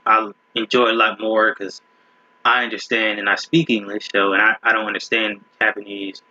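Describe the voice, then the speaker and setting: A man's voice: on the low side, flat delivery, moderate pace, pushed and bright, no room sound, dull audio. Rambling man doing a casual reaction video. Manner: rambling, restarts often, laughs at clips. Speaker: video host.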